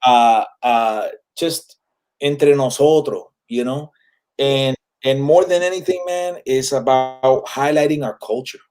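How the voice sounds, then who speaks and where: Music plays in the background as a comic in his forties with a Puerto Rican accent talks casually as an interview guest. He shifts freely between English and Spanish with many fillers, in a slow, mid-range voice.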